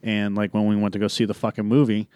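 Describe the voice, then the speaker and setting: A man's voice: on the low side, fast talker, clear, resonant tone, no room sound. A man hosting a movie review podcast in casual chat, rambling and profane as he tells stories. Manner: rambling, profane, animated storytelling. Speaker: podcast host.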